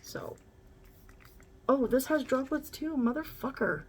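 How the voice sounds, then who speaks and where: A woman's voice: high-pitched, animated, unhurried, darkish tone, slight background noise. A woman vlogger chatting casually through a makeup tutorial, candid and rambling, swearing now and then.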